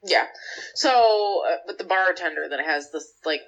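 A woman's voice: on the low side, moderate pace. A young woman co-hosting a podcast, casually recapping a show with lots of filler words and acted-out lines. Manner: rambling, lots of "like" fillers, acts out characters' lines. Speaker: podcast co-host. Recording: slightly dull lo-fi audio.

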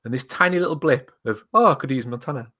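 A man co-hosting a podcast, riffing in an animated, sweary way. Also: medium pitch, fast. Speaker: podcast co-host. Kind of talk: casual chat.

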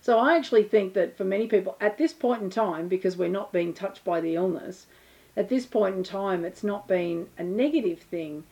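A woman's voice: medium pitch, moderate pace, mellow. A woman hosting a podcast, chatting casually with her stepson and laughing at herself. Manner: chatty, self-deprecating, laughs easily. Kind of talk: casual interview chat.

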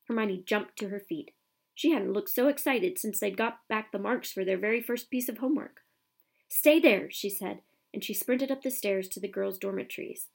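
Female audiobook narrator, steady storytelling, mid pitch. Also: moderate pace, gravelly. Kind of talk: scripted narration.

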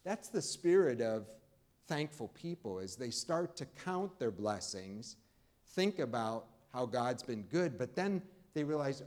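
A pastor delivers a Sunday sermon in church, his medium-pitched voice swinging widely in pitch. He addresses the congregation conversationally, with warm pauses and emphatic rises that hit key words hard.

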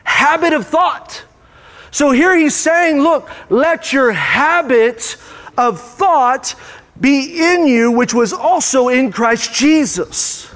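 A man's voice: very high-pitched, expressive, takes it slowly, fairly bright tone. A man preaching a sermon as pastor, with rising, emphatic bursts. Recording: hall reverb.

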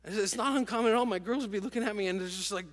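A middle-aged man preaching a sermon to a congregation, telling stories in an animated, emotional way. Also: high voice, rapid-fire. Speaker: pastor. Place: large church auditorium with congregation. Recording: long church hall reverb.

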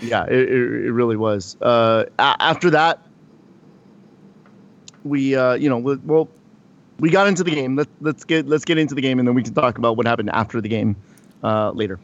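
A man talks at a middling pitch, rambling through a story with frequent fillers and restarts. The recording sounds a little dull and lo-fi. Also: moderate pace. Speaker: podcast co-host. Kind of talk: casual storytelling chat.

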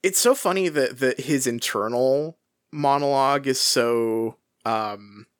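A man's voice: slow, no room sound. Hesitant man chatting in a dry room. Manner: hesitant, many restarts, animated pitch swings. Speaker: podcast co-host. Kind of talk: casual book discussion.

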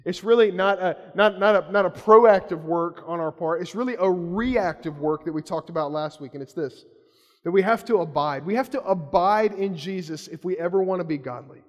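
High-voiced pastor preaching in a hall. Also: male voice, normal speed. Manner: lively conversational storytelling. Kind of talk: sermon. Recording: long hall reverb.

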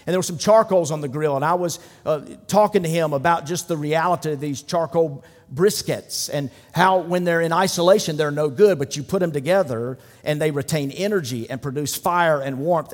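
A middle-aged man preaches from a church pulpit, his voice sitting a bit high for a man. He talks in a relaxed, conversational way, dropping jokes and quick asides into the sermon. The sound rings out in the long reverb of a church hall. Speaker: pastor.

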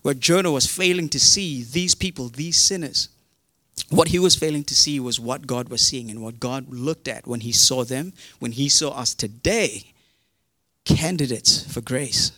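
A man preaching a sermon in an animated, conversational way, often repeating words. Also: medium pitch, unhurried, no room sound. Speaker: pastor.

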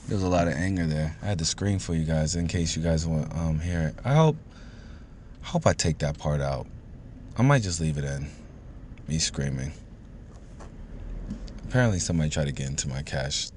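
A man's voice: deep voice, sing-song, moderate pace, long pauses, slight background noise. Man vlogging from a car, profane, rambling, heated rant, casual. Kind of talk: casual venting vlog.

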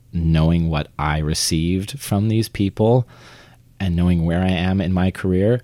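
In a conversational interview, a young Vermont man who acts in theater describes his life in a very low, slightly mellow voice. He's chatty, self-deprecating, and frequently restarts sentences, and the dry, close recording carries little room sound.

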